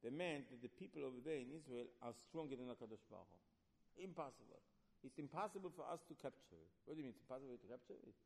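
A man teaching Torah in an animated, emphatic way, firing rhetorical questions and mixing in Hebrew terms. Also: mid-range voice, fast talker, vocal fry, long reverb tail.

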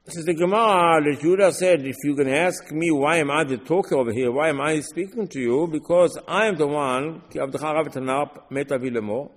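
Animated man teaching Torah, echoing hall. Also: fairly high pitch, fairly quick, hardly any pauses. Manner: animated, rhetorical questions, quotes verses in Hebrew. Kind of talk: Torah class in English.

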